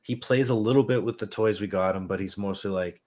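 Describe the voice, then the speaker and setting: A man's voice: fairly low pitch, a little fast, darkish tone. A man hosting a podcast, telling a rambling, self-mocking, profane story in a casual comedic way. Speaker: podcast host.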